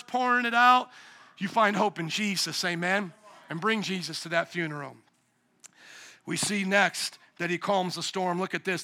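High bright-voiced shouting pastor. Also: male voice. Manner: animated, shouting at peaks, acts out voices. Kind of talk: sermon. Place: church sanctuary.

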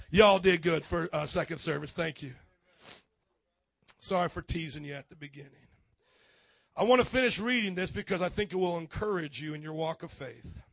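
A man preaching in a church, telling lively stories and acting out his neighbors, swinging from loud to quiet. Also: high voice, creaky, no echo. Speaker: pastor. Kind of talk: sermon.

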